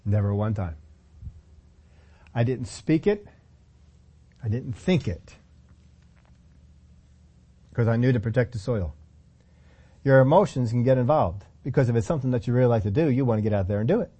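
A man's voice: mid-range voice, animated, normal speed, pauses often, dark tone, slightly rough. A middle-aged man preaching a sermon as pastor, emphatic, repeating phrases and acting out quotes.

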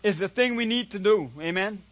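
High-voiced man preaching a sermon. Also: brisk, dry recording, muffled recording. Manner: calls "amen?" often, retells a story with quoted voices. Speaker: guest preacher.

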